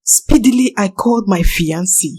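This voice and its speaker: A woman's voice: mid-range voice, animated, normal speed, warm tone, slightly rough. A young woman narrating a personal confession in an earnest, anxious manner.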